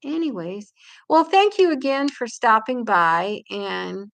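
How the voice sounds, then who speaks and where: A woman's voice: a little high, animated, takes it slowly, gravelly, fairly bright tone. An older woman with a Hoosier accent hosting a casual live-stream chat from home, rambling and laughing often. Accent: Indiana. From England. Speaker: livestream host.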